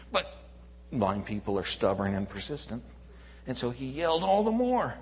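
Male pastor, mid-pitched, lively sermon storyteller; echoey church hall. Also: normal speed. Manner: animated storytelling, swinging from loud to hushed.

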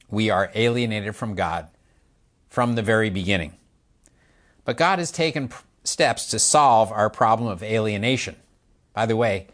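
An older man preaching a sermon, explaining slowly and asking the listeners questions as he illustrates with his hands. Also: lowish voice, fairly bright tone.

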